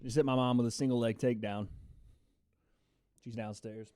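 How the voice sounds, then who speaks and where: A man's voice: mid-range voice, fairly even intonation, moderate pace, warm tone, smooth, no room sound, studio quality. Rambling man hosting a reaction livestream. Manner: rambling, loose, laughing, casual swearing. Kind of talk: casual livestream reaction commentary.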